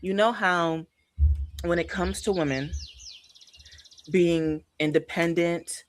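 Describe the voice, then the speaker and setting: A casual livestream host talking about books, animated and emphatic. The speaker repeats lines to drive a point home and keeps turning to the audience. The pitch sits in a middle range. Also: slow. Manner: emphatic, repeats phrases for effect; chatty and animated, addresses viewers directly. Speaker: book streamer.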